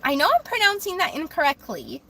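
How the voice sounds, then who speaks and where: Young female tarot streamer, casual and self-deprecating, bright tone. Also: very high voice, sing-song, a little fast, slight background noise. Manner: rambling, self-deprecating, stumbles over words. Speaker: livestream tarot reader. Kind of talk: casual livestream chat reading comments.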